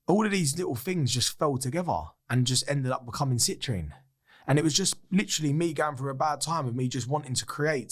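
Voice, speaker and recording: A man, a podcast guest telling a personal story in a casual, candid way, swearing freely and acting out what others said. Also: mid-range voice. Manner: swears freely, acts out other people's lines; animated, excitable retelling.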